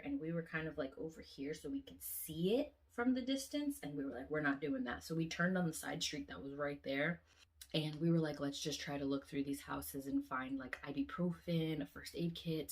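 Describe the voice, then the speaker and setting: Woman vlogger, dream story, animated, swears, slightly low voice. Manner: animated, swears often, acts out quotes.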